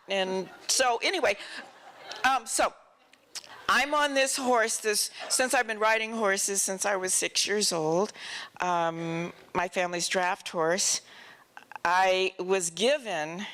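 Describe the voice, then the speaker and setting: A woman telling lively stories as the honored guest in an onstage film festival Q&A. She laughs often and acts out other people's lines. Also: medium pitch, takes it slowly. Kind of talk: onstage interview storytelling. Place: festival stage before an audience.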